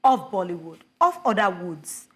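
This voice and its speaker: A woman's voice: fairly low pitch, big pitch swings, normal speed, a bit bright. A woman, a panelist earnestly building her argument in a discussion.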